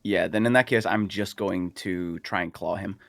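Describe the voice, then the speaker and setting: A man playing a tabletop game talks through his choices, hesitant and full of fillers. His voice is gravelly with a fry at the bottom. The sound is dry and close. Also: low-pitched, moderate pace, fairly bright tone, no room sound. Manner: hesitant, thinking aloud with fillers. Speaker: player.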